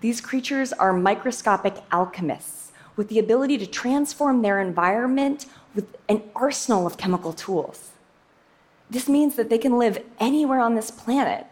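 A young adult woman scientist giving a prepared public talk with a lively, emphatic delivery and playful asides. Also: fairly high pitch.

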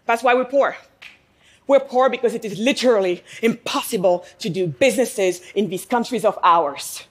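A woman business owner giving a passionate speech to a live audience in a room. She fires rhetorical questions, prompts listeners to answer, and stresses her points with pauses. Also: a little high, slightly rough. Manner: emphatic, with pauses for effect.

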